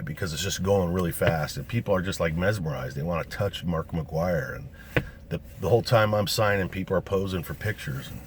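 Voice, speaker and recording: A low-voiced man recounts his own misadventure in a loose, casual way. He swears in nearly every line and animates the story by voicing the people around him. A faint hiss of noise sits under the recording. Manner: profane, swears constantly; animated, acts out quotes of other people.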